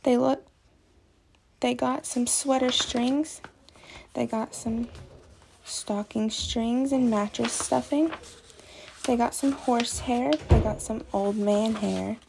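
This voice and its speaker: A woman reading a children's story aloud in a slow, deliberate storybook cadence. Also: on the high side, steady tone, creaky, noisy background. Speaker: story reader.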